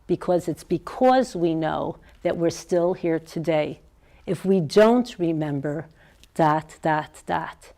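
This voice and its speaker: A woman's voice: lowish voice, dark tone, low-quality recording. Woman teaching a Torah class. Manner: questions the audience, mixes Hebrew terms. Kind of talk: lecture to a class.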